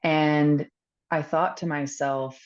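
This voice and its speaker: A woman with a notably low voice speaks as a podcast guest, telling a candid personal story. She is earnest and reflective, pausing often and filling gaps with ums. The recording is dull and lo-fi. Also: steady tone. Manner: earnest, reflective, with many pauses and fillers.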